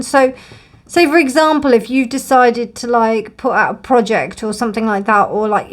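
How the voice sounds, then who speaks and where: A woman with a fairly high-pitched voice gives a casual tarot reading straight to camera. She muses and thinks aloud, reassuring viewers, and fills pauses with lots of ums and you-knows. She yawns often during the reading.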